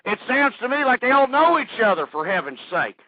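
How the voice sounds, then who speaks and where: A hoarse man with a high-pitched voice rants on his own talk radio show, indignant and swearing as he harangues his listeners. The sound is thin and phone-like, as if carried down a telephone line. There is no room echo at all. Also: sing-song, brisk. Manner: ranting, indignant, swearing, addresses listeners as folks.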